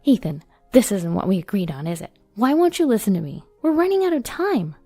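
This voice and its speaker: A woman's voice: on the low side, moderate pace, faint music behind, natural voice. A woman voicing a snobbish, irritable young bride who talks down to people. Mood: scornful. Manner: sharp, scornful, flustered.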